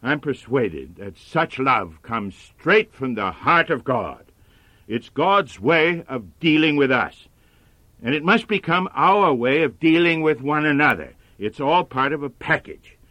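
A man preaching a sermon in a measured, earnest manner. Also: mid-range voice, animated, sharp tone, no room sound.

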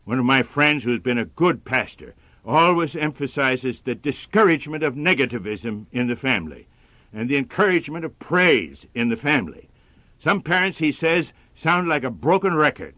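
Earnest male preacher, bright dry voice. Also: medium pitch, very animated, moderate pace, no room sound. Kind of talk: sermon.

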